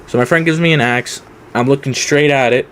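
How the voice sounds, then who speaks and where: A man's voice: mid-range voice, fairly quick, fairly bright tone, a little hiss or hum. A young man telling a casual storytime, rambling with many fillers. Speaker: vlogger.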